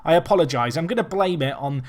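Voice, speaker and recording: A young man chatting excitedly as he commentates his own football management game. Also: on the high side, fast talker. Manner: excitable, chatty, self-deprecating. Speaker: let's play host.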